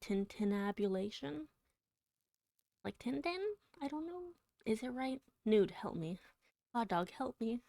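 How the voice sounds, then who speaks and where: A woman on a livestream, reading poetry aloud dramatically with drawn-out words and whispered passages, then chatting with her viewers. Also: a little high, animated, vocal fry, mellow, no room sound.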